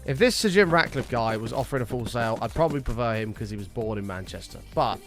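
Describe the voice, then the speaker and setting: A man's voice: medium pitch, lively intonation, quick pace, over music. A British man chatting live to his stream viewers, ranting heatedly and swearing often. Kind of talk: casual live-stream chat.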